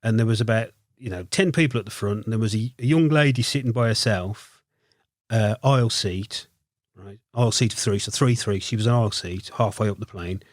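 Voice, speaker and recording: This Brummie-accented man from Birmingham, England, is a podcast guest sharing a casual anecdote, animatedly acting out what other people said. His voice sits on the low side and moves briskly, recorded dry with clean studio sound.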